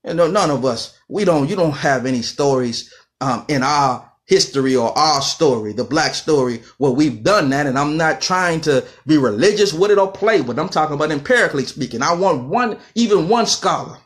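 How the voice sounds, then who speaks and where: A man's voice: fairly high pitch, expressive, normal speed, fairly bright tone. A man giving an impassioned lecture in a fiery, rhythmic way, repeating phrases for emphasis.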